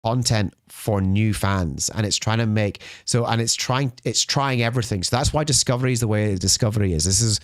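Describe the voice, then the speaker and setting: A man's voice: on the low side, a little fast, few pauses, no room sound, clean studio sound. Rambling, ranting man podcast co-host. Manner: rambling, repeats words while ranting. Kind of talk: casual chat. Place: podcast studio.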